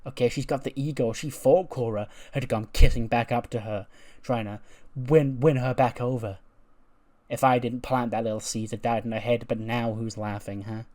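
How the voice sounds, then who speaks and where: A man's voice: medium pitch, fairly even intonation, normal speed, darkish tone. A man casually commenting on a wrestling management game, acting out the dialogue between characters and laughing often. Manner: acts out dialogue in put-on voices, laughs often. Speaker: gameplay commentator.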